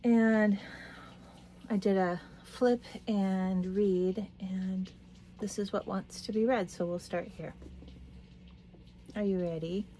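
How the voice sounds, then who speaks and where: A woman in her late thirties giving a tarot reading, talking in a meandering, soft-spoken way with little laughs. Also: medium pitch, fairly even intonation, slow pace, long pauses, slight background noise. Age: late 30s. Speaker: tarot reader. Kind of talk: casual spiritual talk to camera.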